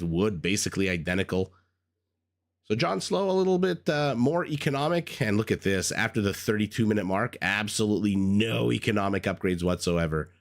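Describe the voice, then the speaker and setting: A man recovering from a cold, chatting through live game commentary, thinking aloud and greeting viewers. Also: on the low side. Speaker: game caster. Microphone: desk microphone.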